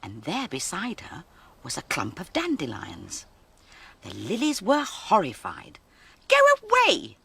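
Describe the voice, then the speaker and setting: Slow, gentle woman telling children's stories. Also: sits low, huge pitch swings, vocal fry, a little hiss or hum. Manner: gentle, slow, sing-song. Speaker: children's TV presenter. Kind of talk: storytelling to young children.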